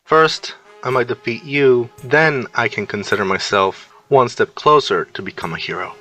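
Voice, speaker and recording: A determined young male hero, as a man reads him answers his enemy with calm defiance. The voice is bright and forceful, with faint music behind it. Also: medium pitch, normal speed. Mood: defiant. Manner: confident, defiant.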